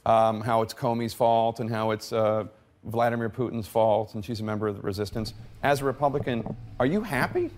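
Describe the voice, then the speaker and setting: A man's voice: fairly low pitch, brisk, a little mellow. A man interviewing on TV news, asking probing, leading questions.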